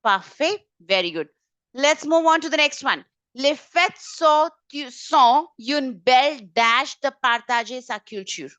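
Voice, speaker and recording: A woman teaching French vocabulary in an online exam-prep class, brisk and corrective, often repeating key points. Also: sits high, animated, a bit bright, dry recording. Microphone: video call.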